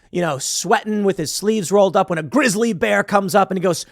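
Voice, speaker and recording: A man giving sarcastic, animated political commentary on a news story, with frequent asides. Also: high voice, fairly quick, creaky, dry recording, studio quality.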